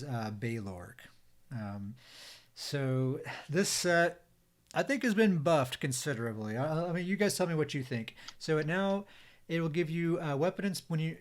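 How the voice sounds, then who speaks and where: Man hosting a casual gaming podcast. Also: medium pitch. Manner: explains game mechanics with many fillers. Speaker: podcast host.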